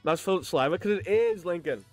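A young streamer in his late teens, talking in a slightly high, very lively voice. His mouth is held open by freshly adjusted braces, so every word comes out slurred, wet and lisping. He jokes with his chat, laughs often and trips over his own restarts. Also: fast, soft background music. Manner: chatty and joking, laughs often, stammers on restarts. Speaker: live streamer. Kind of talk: casual live-stream chat, reading chat aloud.

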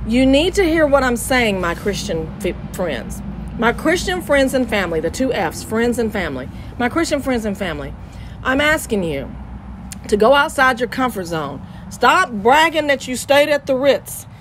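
A woman's voice: fairly high pitch, sing-song, moderate pace, background noise. A woman with an East Texas Southern accent hosting Christian radio, talking in an exuberant, preachy way and repeating her phrases. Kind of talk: lively radio chat.

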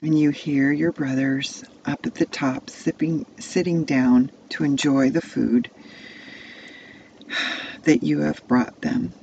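A woman's voice: deep voice, steady tone, takes it slowly, creaky, dark tone, highs cut off, slight background noise. A woman telling a Bible story to children, placing the listener inside the tale as "you". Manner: second-person immersive storytelling.

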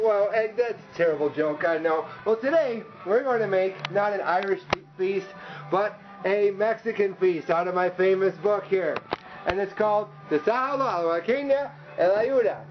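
A man's voice: high voice, dull audio. A man hosting his own casual cooking vlog, chatty and joking, upbeat. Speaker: cooking show host.

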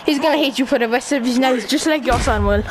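A man's voice: fast talker, background noise. A young man voicing a boastful Soviet Russian boxer in a mock Russian accent while playing a boxing game. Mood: taunting. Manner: high-pitched, loud put-on boasting. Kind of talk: joking role-play during a VR boxing game.

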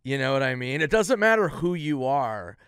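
A man's voice: mid-range voice, normal speed, clear, resonant tone, dry recording, clean studio sound. A man from Minnesota, a comedian guest on a podcast, telling casual stories and acting out quotes in different voices. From Minnesota, USA. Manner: animated storyteller who acts out quotes in varied voices. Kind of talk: casual storytelling chat.

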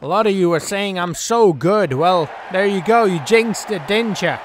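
A man giving casual, joking commentary over his own video game play, yelling at the players on screen. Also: high voice, moderate pace, background noise. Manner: excitable, jokey, scolds the game's players aloud. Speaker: gaming channel host.

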